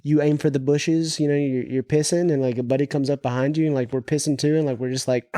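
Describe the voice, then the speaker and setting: A man chatting on a podcast in a mellow, warm voice. He rambles, restarting his sentences over and over and stacking up fillers. The sound is close and dry, with no room echo. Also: fairly high pitch, fairly even intonation, quick pace. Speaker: podcast co-host. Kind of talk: casual movie chat.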